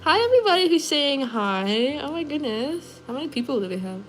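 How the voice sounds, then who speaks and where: A woman nail artist chatting casually on a livestream, animated and full of "like", talking while she works in her nail studio. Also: high voice, fairly quick, slight background noise, rough recording. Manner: chatty, animated, says "like" often. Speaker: nail artist streaming live.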